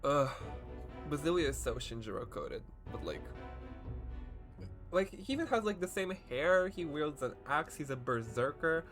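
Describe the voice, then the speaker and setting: A man's voice: fairly high pitch, sing-song, measured pace, music in the background. A man streaming a game live, talking emotionally and rambling with lots of fillers and swearing, choked up and close to tears. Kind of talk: live gameplay commentary.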